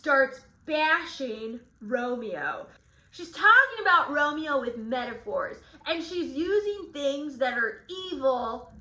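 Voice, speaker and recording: High, bright-voiced woman teaching a lesson. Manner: explains, then acts out quoted lines. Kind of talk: recorded literature lesson. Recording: echoey room.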